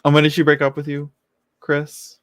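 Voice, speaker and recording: A man's voice: on the high side, monotone, normal speed, no room sound. A man doing a casual live-stream tarot reading, chatty and giggly, often trailing off and restarting as he talks to viewers. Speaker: tarot reader answering viewers.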